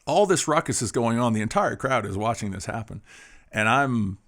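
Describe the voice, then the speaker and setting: A man's voice: medium pitch, lively intonation, moderate pace, fairly bright tone. A middle-aged Canadian man hosting a song-request show, chatting casually and telling rambling, folksy stories with lots of fillers. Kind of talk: casual chat between songs.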